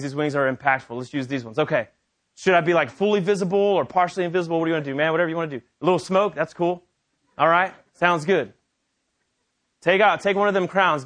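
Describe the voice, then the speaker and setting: A preacher voicing a proud, laid-back archangel. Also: male voice, a little high, fairly bright tone, lightly acted. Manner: laid-back, joking bravado. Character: showy male archangel, casual and proud.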